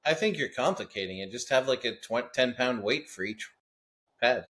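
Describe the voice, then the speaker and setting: A man with a mid-range voice chimes in on a podcast in a relaxed, matter-of-fact way. He talks like a casual co-host sharing his own view. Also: mid-range voice, moderate pace.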